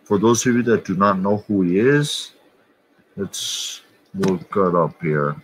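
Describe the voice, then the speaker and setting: Deep slow guy rambling about sports, swears a lot. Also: expressive, poor audio. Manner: slow, offhand, blunt and profane. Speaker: vlogger. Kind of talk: casual chat.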